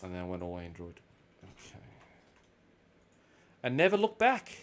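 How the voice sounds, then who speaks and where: Speaking at a moderate pace in a low register, this Australian man hosts a gaming video and chats casually as he plays. His talk wanders through lively stories, with plenty of swearing along the way.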